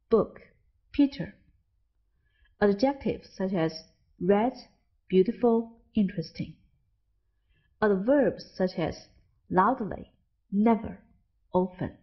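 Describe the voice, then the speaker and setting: A woman narrating a scripted English lesson, reading word lists in a slow, deliberate way. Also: medium pitch. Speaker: English teacher. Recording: dull lo-fi audio.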